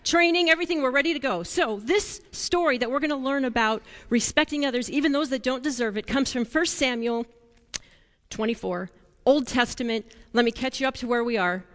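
A woman leading a children's sermon, telling a Bible story in a playful, animated way and asking the children questions. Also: high-pitched, a little fast, big-room sound.

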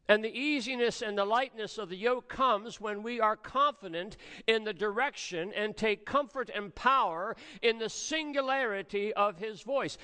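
A man preaching a sermon as pastor, with measured delivery and dramatic pauses. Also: high voice, sharp tone, smooth, in a large hall.

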